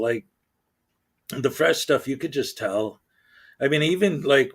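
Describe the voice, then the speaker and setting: Man, livestream host, casual chat, rambling, chatty, lots of fillers, mid pitch. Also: fairly bright tone.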